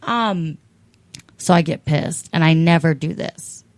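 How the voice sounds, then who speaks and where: A woman telling a comedic story on a talk show in an animated, profane way. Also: sits low, takes it slowly, no room sound. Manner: animated, profane, acts out voices in her stories.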